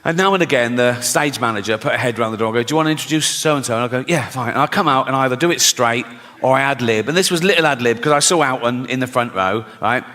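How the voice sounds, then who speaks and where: This comic talks fast in a sharp, medium-pitched voice, spinning conversational stories for a large live audience and regularly checking in with a "right?" while acting out quotes. You can hear the hall's reverb and a faint hum of room noise around him.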